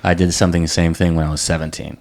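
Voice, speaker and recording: A man hosting a conversation, sharing his own story and reflecting in a measured, earnest way. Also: low-pitched, little pitch movement, vocal fry, darkish tone. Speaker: host.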